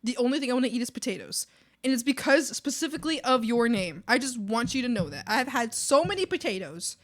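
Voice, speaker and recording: A woman's voice: a little high, animated, a little fast. A woman streamer chatting casually with her viewers while she draws, playful and theatrical as she thanks them. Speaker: art streamer.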